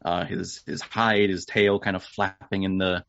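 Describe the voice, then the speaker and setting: A man's voice: low voice, level tone, measured pace, gravelly, fairly bright tone, no room sound. A man co-hosting a podcast, animatedly retelling film scenes in casual chat. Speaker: podcast co-host. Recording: dull lo-fi dry sound.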